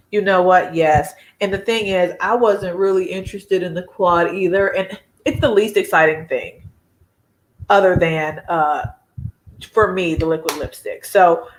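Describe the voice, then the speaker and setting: A woman's voice: fairly low pitch, a little hiss or hum. A woman, hosting a casual beauty live chat, chatty and laughing often as she reads viewer comments.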